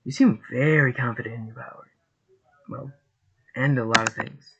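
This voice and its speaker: A man voicing a brash, cocky young male pirate captain who shouts excitedly, then talks smugly, over a noisy home recording. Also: mid-range voice, normal speed, highs cut off, lightly acted.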